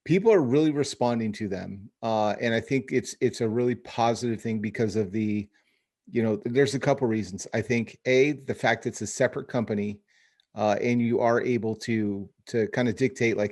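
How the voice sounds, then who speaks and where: A man hosting a relaxed podcast conversation, talking in loose, rambling sentences with frequent restarts. He keeps an easy, friendly chat going with his guest. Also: mid-range voice, moderate pace. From Phoenix area, US. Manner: rambling, many restarts, says dude and bro. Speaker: podcast host. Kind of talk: casual chat over video call.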